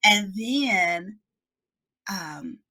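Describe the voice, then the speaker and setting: A woman's voice: mid-range voice, animated, extremely slow, sharp tone. A woman author chatting in an interview, telling a story animatedly and acting out the voices in her quotes. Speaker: children's book author. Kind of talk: casual interview chat.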